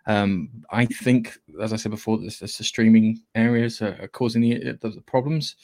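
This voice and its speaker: A man's voice: on the low side, fairly even intonation, normal speed, darkish tone. A man hosting a podcast, chatting casually about films and rambling with many restarts. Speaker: podcast host. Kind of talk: casual film chat.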